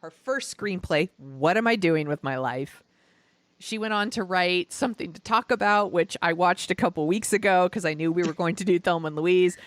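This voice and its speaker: Lively low-voiced woman podcast host. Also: moderate pace. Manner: animated, swearing, joking. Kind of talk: casual chat.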